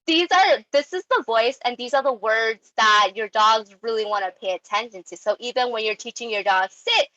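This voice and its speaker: Bright, chatty young woman presenter. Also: a little high, brisk, few pauses, dry recording, lo-fi sound. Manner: chatty, animated, many ums and likes. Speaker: dog training presenter. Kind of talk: casual online presentation.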